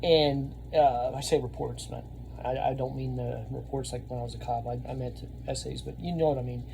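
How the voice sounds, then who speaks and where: Gravelly-voiced man in his thirties spinning a yarn. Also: mid-range voice, fairly quick, a little hiss or hum. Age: 30s. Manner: rambling, animated, laughs often, shouts when reenacting. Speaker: vlogger and Army veteran. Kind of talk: casual storytelling to camera.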